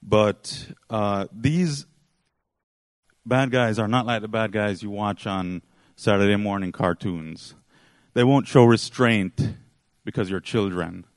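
A man's voice: mid-range voice, a little slow, no echo, close to an everyday voice. A man quoting a worried, protective superhero mother in an urgent, raised voice.

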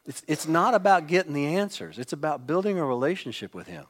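A man's voice: a little high, animated, fairly quick. Emphatic male preacher in a reverberant hall. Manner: emphatic, swinging between loud and hushed. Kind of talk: sermon.

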